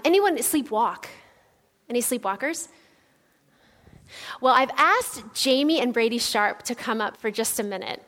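A woman's voice: on the high side, a bit bright. A woman in her thirties giving a conversational sermon, telling personal stories with lots of fillers. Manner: chatty, personal storytelling with fillers. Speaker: church speaker. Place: church sanctuary. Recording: long hall reverb.

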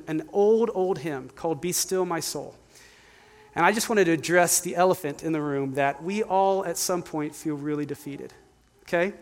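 A man in his forties, a youth pastor, preaching a candid, conversational sermon and asking the congregation to call out answers. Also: high voice. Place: church sanctuary. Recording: long hall reverb.

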